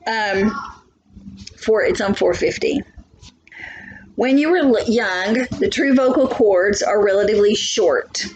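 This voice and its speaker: Slow-talking chatty woman teacher. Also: mid-range voice, darkish tone, dull audio, a little hiss or hum. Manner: chatty, thinks aloud, asks for agreement. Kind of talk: recorded biology lesson at home. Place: home.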